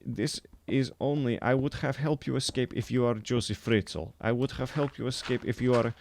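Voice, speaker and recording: A man playing a blunt, exasperated storyteller who speaks in broken English with deadpan delivery. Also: medium pitch, moderate pace, gravelly, slight background noise, lightly acted. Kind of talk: comic character monologue.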